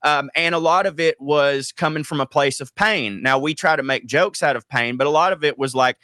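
Male comic guest, bright and slightly high, dry close sound, rambling storyteller. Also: brisk, no room sound. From Southern United States. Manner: rambling, animated storytelling with many restarts. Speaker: comedian and author, guest. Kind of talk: radio interview.

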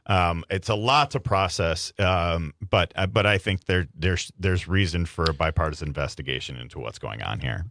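A man co-hosting a political podcast, speaking in a measured, hesitant way with fillers. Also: low voice, fairly bright tone, a little hiss or hum. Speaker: podcast co-host. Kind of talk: political discussion.

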